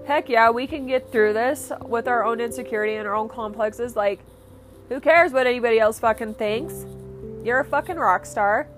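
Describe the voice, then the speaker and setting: A woman's voice: on the high side, normal speed, soft background music. A young woman hosting her own podcast, rambling and swearing through a casual, enthusiastic rant. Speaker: podcast host.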